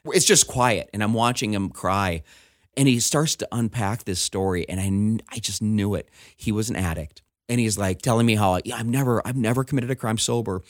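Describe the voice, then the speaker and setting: A middle-aged man, a pastor, telling a personal story in casual conversation, animated and acting out the voices of the people in it. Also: fairly low pitch, a little fast, dry recording, studio quality.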